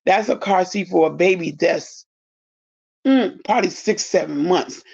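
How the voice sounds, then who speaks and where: Indignant woman with a gravelly voice. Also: fairly low pitch, measured pace, a little mellow. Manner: indignant, blunt, swears freely. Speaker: commentary vlogger. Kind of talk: casual commentary. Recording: dull lo-fi audio.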